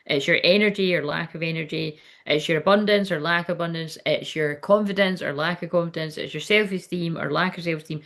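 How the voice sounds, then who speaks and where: A woman's voice: on the low side, a bit bright. A woman working as a psychic medium, giving a live-streamed spiritual reading in a chatty, rambling, sweary way while hiccuping now and then.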